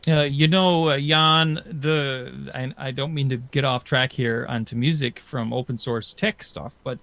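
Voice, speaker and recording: A man's voice: medium pitch, fairly even intonation, measured pace, gravelly, fairly bright tone, no room sound. Man co-hosting a podcast; rambly, easygoing, dry close mic. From Newfoundland and Labrador, Canada. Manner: rambling, friendly, lots of "you know". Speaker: podcast co-host. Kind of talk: casual chat.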